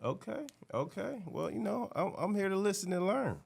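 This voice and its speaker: A man's voice: high-pitched, sing-song, moderate pace, vocal fry, slightly rough. Man, podcast co-host, casual chat, easygoing, agreeable, frequent backchannels.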